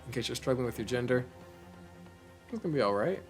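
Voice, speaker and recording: A man's voice: mid-range voice, fast, pauses often, faint music behind. A man hosting a let's play, giving goofy, rambling commentary as he plays a game. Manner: animated, goofy, rambling asides. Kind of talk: casual gaming commentary.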